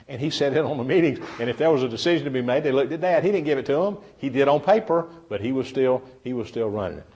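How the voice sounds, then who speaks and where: A man's voice: mid-range voice, animated, fast, hardly any pauses, a little mellow. Folksy man giving a seminar. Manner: folksy storyteller, chatty, addresses the audience directly. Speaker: seminar speaker. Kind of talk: humorous seminar talk to a live audience. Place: meeting room with a live audience.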